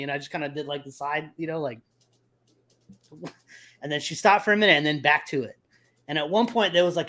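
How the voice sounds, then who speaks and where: Profane man telling a story. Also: fairly high pitch. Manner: profane, animated storytelling with laughs. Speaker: podcast host. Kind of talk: casual chat, storytelling.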